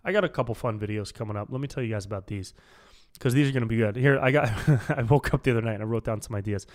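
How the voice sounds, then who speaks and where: A man's voice: medium pitch, rapid-fire. A man hosting a casual solo podcast, rambling and swearing, calling the listeners dude. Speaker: podcast host.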